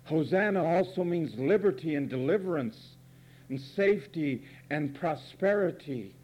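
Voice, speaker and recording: A man's voice: fairly high pitch, lively intonation, measured pace, highs cut off. A man preaching a fiery, sarcastic sermon from the pulpit, emphatic and blunt. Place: church pulpit.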